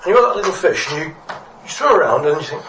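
A man's voice: fairly high pitch, very animated, fast talker, noisy background. A man preaching a rambling, good-humoured parable in a church. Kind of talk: storytelling sermon. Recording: echoey room from a distance.

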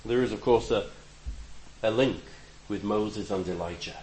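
A man preaching a conversational sermon, reflective with gentle humor and a voice that rises and drops for emphasis. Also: fairly low pitch, measured pace, roomy sound, low-quality recording.

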